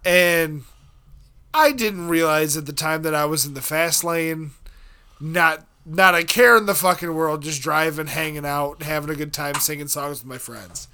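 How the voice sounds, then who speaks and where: A man from Ohio telling a story in casual, profane, animated chat. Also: a little high, normal speed, smooth.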